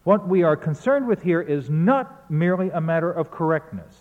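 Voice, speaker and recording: Guy giving a lecture, kinda high voice, chants out the beats, sounds like a phone in a big hall. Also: lively intonation, moderate pace, narrow, tinny audio. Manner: explains verse rhythm, chants beats aloud to demonstrate. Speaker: literature lecturer.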